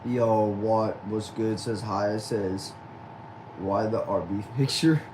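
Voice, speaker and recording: A young man with a lowish voice chats loosely through a livestream, reading viewer comments aloud and answering each one. A steady hum sits behind him the whole time. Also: slow. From Texas. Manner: reads comments aloud and answers them casually. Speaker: livestream host.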